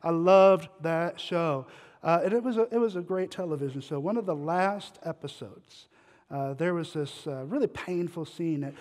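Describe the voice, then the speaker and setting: A man's voice: fairly high pitch, normal speed, a little mellow. A man preaching a sermon to a congregation, telling stories in a conversational way and asking the listeners questions. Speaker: guest pastor. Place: church sanctuary. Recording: long hall reverb.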